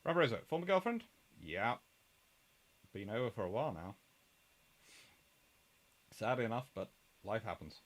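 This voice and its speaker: A man's voice: medium pitch, very animated, normal speed, long pauses. English man answering viewer questions. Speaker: host. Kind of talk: casual livestream chat.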